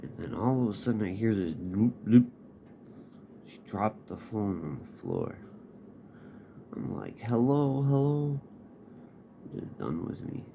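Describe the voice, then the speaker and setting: A man's voice: sits low, very animated, unhurried, vocal fry, pauses often, mellow. A man casually telling a personal story in a laid-back, profane, rambling way. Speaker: podcast host. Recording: noisy background hiss.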